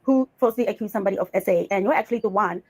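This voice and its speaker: A woman's voice: medium pitch, rapid-fire, darkish tone. A woman hosting a reaction commentary, talking in a sarcastic, scolding way and calling the person she is criticizing honey. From Bali. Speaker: commentary host reacting to clips.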